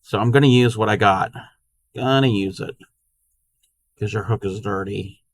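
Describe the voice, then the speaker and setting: A man chatting casually with his live-stream chat while crocheting, sometimes counting stitches quietly to himself. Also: on the low side, moderate pace.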